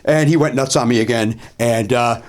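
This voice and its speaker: Telling a relaxed anecdote, this male comedian host is animated, repeats himself, and leans heavily on "uh" fillers. His pitch is mid-range, his speed normal, and heavy background noise runs under the clip.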